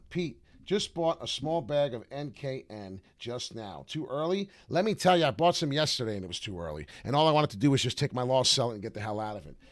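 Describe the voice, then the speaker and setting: A man's voice: mid-range voice, dry recording, clean studio sound. A man streaming crypto chart talk in a brash, slangy, rambling way with many filler uhs. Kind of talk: casual live commentary.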